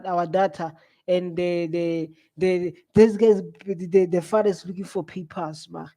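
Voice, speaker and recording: A man's voice: high voice, steady tone, unhurried, dark tone. A South African man hosting a live reaction video, exclaiming and scolding with a lot of repetition.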